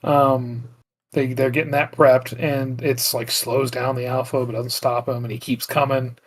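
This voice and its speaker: Speaking a little slowly in a level tone, a medium-pitched man co-hosts a podcast. His film recap is casual and rambling, crowded with "like" and other filler words, and he keeps restarting.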